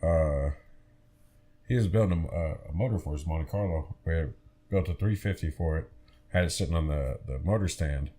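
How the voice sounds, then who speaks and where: A young man, a podcast co-host, telling a story in casual chat with halting restarts. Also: rumbling low, warm tone.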